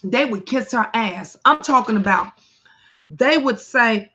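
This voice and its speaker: A blunt, emphatic woman hosts a live talk stream in a slightly high voice. She answers viewer comments and often jumps up loudly, with plain swearing. The audio is dull and lo-fi. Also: expressive, measured pace. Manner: emphatic and blunt, swears, sudden loud rises. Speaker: talk show host reading viewer comments.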